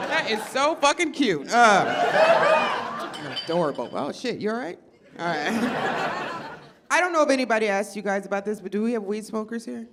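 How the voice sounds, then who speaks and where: Animated, cursing female stand-up comedian. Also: a little high, normal speed, pauses often, a loud crowd, very noisy. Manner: loud, animated, swearing, laughing at her own jokes. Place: live comedy show before an audience.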